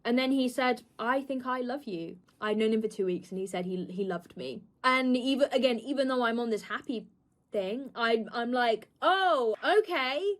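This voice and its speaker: A woman's voice: a little high, normal speed. Young woman, streamer; casual, candid storytelling, blunt and sweary, plays out the quotes.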